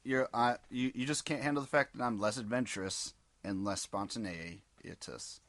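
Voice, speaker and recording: A man's voice: medium pitch, normal speed, fairly bright tone, dry recording. A man co-hosting a casual comedy chat, teasing and swearing freely. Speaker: podcast co-host.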